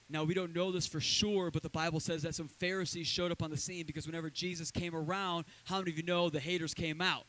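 A man preaching a sermon as a pastor in a church, talking in a loose, conversational way with lively asides. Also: a little high, fast talker, few pauses, rough recording. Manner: conversational, energetic preaching with asides and acted quotes.

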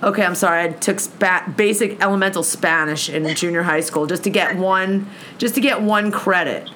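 A woman's voice: medium pitch, moderate pace, fairly bright tone, slight background noise. A woman co-hosting a casual podcast chat, playful and chatty, drawing out her asides. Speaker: podcast co-host.

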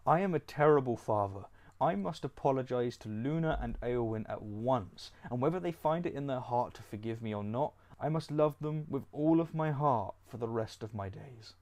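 A man's voice: mid-range voice, expressive, moderate pace, a little mellow, natural voice. A man voicing a cruel, self-righteous father in a parody story, swinging between solemn decrees and giddy self-praise. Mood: remorseful.

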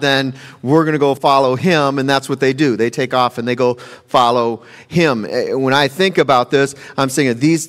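A pastor preaches in a relaxed, conversational way, circling back and repeating his phrases. His voice is mid-pitched for a man. The sound carries the long reverb of a large church hall. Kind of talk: sermon. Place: church sanctuary.

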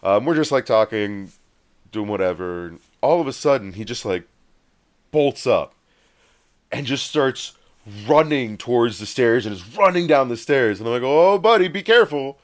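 Smooth-voiced man telling a rambling story. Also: medium pitch, normal speed. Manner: rambling, animated, acts out quoted voices. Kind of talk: casual storytelling chat.

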